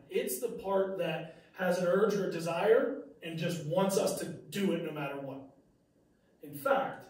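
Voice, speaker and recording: A man's voice: sits high, unhurried, a little mellow, recorded from a distance. A male teacher giving a casual classroom lecture, conversational with fillers and restarts. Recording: very echoey room, mic from afar.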